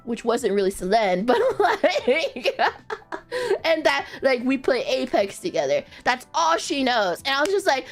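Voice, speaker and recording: A woman streamer telling a story in casual chat, animated, swearing a lot and laughing in disbelief. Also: sits high, unhurried, soft background music.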